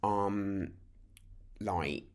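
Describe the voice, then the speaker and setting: A man's voice: fairly low pitch, extremely slow. A British man from the United Kingdom giving a casual, chatty lesson to camera. He rambles and restarts his sentences often. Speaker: language teacher.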